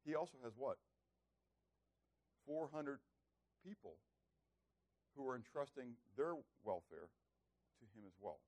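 A man's voice: medium pitch, big pitch swings, a little slow, long pauses, darkish tone. A man preaching a bible lesson, asking rhetorical questions and acting out characters. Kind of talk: bible teaching sermon.

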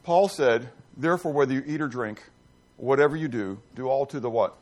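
A man preaching an interactive sermon, quizzing his listeners and swinging between loud emphasis and hushed asides. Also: mid-range voice, fairly quick. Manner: animated, questions the congregation, dramatic swings from loud to hushed. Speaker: pastor.

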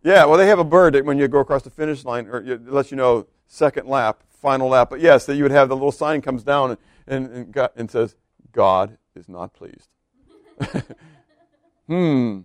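Delivering his sermon briskly and with few pauses, this pastor speaks in a mid-range voice, keeping things loose and conversational. He poses questions to the congregation and laughs occasionally. The sound is clean studio quality with no echo.

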